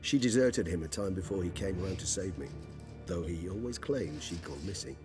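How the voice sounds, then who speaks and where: A courtly, measured vampire. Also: male voice, deep voice, lively intonation. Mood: grave. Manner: formal, articulate and measured. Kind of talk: video game voice acting. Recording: game audio with loud music under it.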